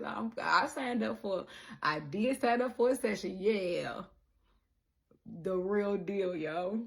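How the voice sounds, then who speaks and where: A woman talking casually to her followers in an animated, profane monologue, laughing often. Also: on the low side, creaky. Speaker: social media creator. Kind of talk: casual direct-to-camera monologue. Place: in Chicago.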